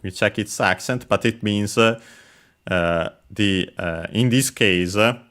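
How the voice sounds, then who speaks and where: A low-pitched man talks slowly, teaching language points step by step. He hesitates often and fills his pauses with drawn-out filler sounds. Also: a bit bright. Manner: hesitant, many filler sounds, careful and methodical. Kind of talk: explaining Japanese words while playing a game.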